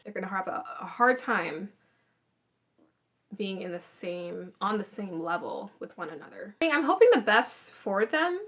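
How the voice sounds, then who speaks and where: A woman's voice: on the high side, a bit bright. A woman casually giving her opinions in a TV review, chatty and thinking aloud with restarts, recorded on a phone. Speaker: reality TV reviewer.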